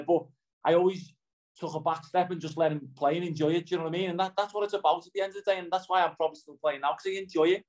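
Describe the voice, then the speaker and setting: Chatty Liverpool man, fairly high voice. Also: a little mellow, poor audio. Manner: chatty, rambling, keeps saying "do you know what I mean". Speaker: interviewee, footballer. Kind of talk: casual interview chat.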